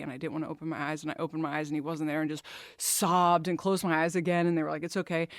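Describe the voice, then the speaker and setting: A woman's voice: low-pitched, flat delivery, quick pace, dry recording, clean studio sound. A woman hosting a podcast, telling a candid, emotional personal story, swearing freely and talking openly about her feelings. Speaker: podcast host.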